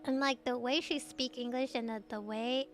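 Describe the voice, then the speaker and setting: A woman's voice: a little high, fairly even intonation, normal speed, soft background music. A woman from Taiwan, a native Mandarin speaker, chatting casually late at night on her stream, laughing often and answering chat messages.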